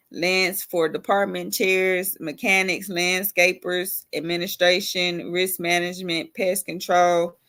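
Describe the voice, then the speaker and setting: A woman urban farmer ranting in a casual vlog, emphatic and repetitive, cussing freely. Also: lowish voice.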